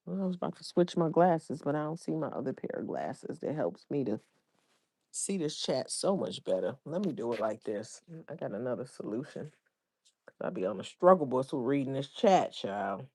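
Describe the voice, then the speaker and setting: A woman's voice: a bass voice, big pitch swings, moderate pace, a little mellow, breathy edge. A woman hosting a livestream, chatting casually and reading viewer comments aloud in informal slang. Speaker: livestream host.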